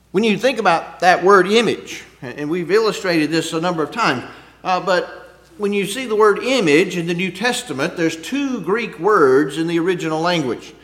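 Conversational in tone, a man's sermon features rhetorical questions and shifts between loud emphasis and quiet asides. His voice sits high.

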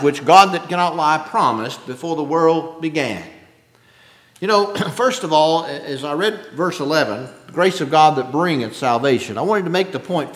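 A man preaching an expository sermon with a drawn-out, emphatic cadence, often clearing his throat. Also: on the high side. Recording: echoey hall with long reverb.

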